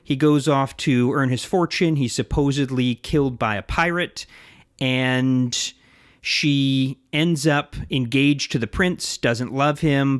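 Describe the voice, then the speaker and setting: A man in casual podcast chat at a middle pitch, with a dry, close sound. He explains things at length, full of asides and little digressions. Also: a bit bright, clear, resonant tone, dry recording. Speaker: podcast co-host.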